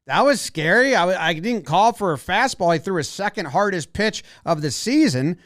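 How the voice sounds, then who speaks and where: A man's voice: sits high, animated, normal speed, fairly bright tone, dry recording. Brief: jittery young catcher, raised and startled, as a man puts him on, dry and close. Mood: alarmed. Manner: anxious, exclaiming. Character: rattled young male catcher, wide-eyed and scared.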